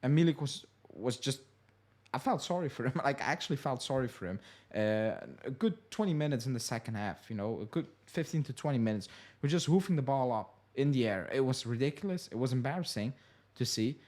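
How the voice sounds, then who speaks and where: A man's voice: mid-range voice, lively intonation, a little fast, a little mellow. A man hosting a fan show, talking in casual commentary, frustrated and emphatic, repeating his points and leaning on "you know".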